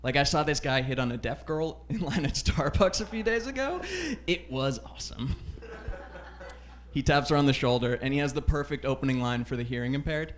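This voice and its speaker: A man doing a stand-up routine on a comedy club stage into a handheld mic, telling stories in a deadpan, self-deprecating way. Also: mid-range voice, a little fast.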